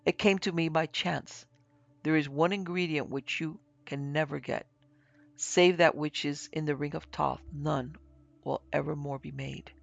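A man's voice: fairly high pitch, fairly even intonation, a little slow, gravelly, no echo. A man voicing a fanatical priest, mad with joy and then cold and curt, in a dull, dry lo-fi recording.

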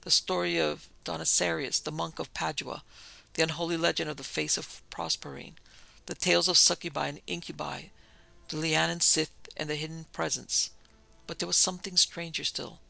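A man narrating a gothic story in a measured, somber reading. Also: a little high, level tone, creaky, sharp tone, no echo, poor audio.

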